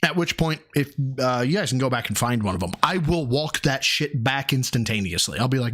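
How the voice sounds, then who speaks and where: A man's voice: mid-range voice, animated, a little fast, hardly any pauses, fairly bright tone. A man hosting a stream, reacting to a video with profane, mocking commentary. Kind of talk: casual commentary.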